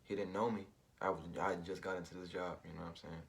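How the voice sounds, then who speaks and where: A man's voice: low voice, flat delivery, quick pace, gravelly. A man telling a personal story in a rambling, slangy way, full of fillers and asides. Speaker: vlogger.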